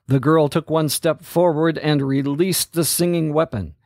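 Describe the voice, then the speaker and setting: A man reading a story aloud as narrator, in a slow, steady delivery. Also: fairly high pitch, no echo, studio quality.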